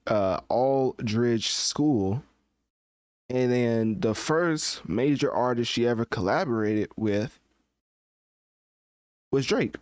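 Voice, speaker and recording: A man talks casually into a close desk microphone, hosting his live podcast. He chats loosely and thinks aloud while he searches, with a mid-pitched voice in a dry, dead room. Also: a little mellow, dry recording. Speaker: podcast host. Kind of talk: casual live-stream commentary.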